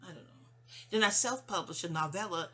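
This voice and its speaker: Speaking fairly low and a little fast with a sharp edge, this middle-aged vlogger from New York rambles candidly to her mother. She digresses freely, tripping over words and starting sentences again.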